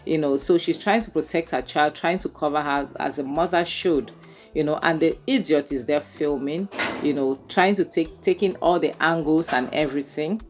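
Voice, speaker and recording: A woman with a deep, low voice recaps a drama episode in loose, rambling commentary. She sounds exasperated and keeps filling her talk with "you know" and "um". Soft music plays faintly behind her. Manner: exasperated, talks fast with many fillers and "you know". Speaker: movie reviewer.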